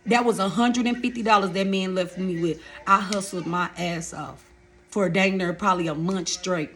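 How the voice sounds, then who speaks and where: Woman in her 30s telling her life story on her channel, animated, keeps saying y'all and baby. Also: medium pitch, normal speed. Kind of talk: casual storytelling to viewers.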